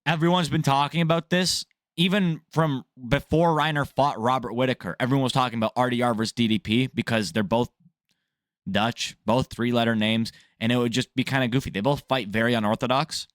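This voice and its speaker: Casual male vlogger, profane rant, mid pitch, dry close sound. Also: fairly even intonation, brisk, no room sound. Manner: blunt and profane, jokey. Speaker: MMA news vlogger. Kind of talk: casual ranting commentary.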